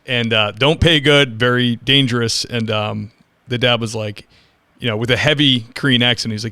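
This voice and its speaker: A man's voice: medium pitch, fairly quick, pushed and bright, no room sound. A man hosting a podcast interview, a police officer chatting frankly and rambling through his own stories. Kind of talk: casual interview chat.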